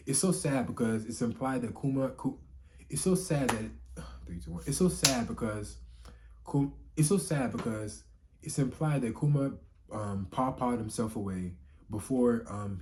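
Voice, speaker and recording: A young man talks through a comic chapter in a loose, rambling way, stacking filler words and cursing freely. His voice sits at an ordinary middle pitch. He drops low and quiet in sad moments, then jumps up loud when something excites him, with a faint hiss of noise behind. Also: measured pace. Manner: rambling, heavy filler words, frequent swearing; emotional, rising to excited outbursts. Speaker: manga reviewer. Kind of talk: casual spoken review.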